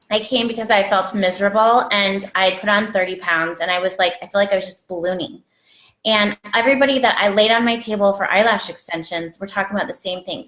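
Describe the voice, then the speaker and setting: A woman's voice: medium pitch, a bit bright. A woman in her thirties tells her own story as an interview guest. She is chatty and gritty and full of fillers. Her voice is recorded in an echoey room.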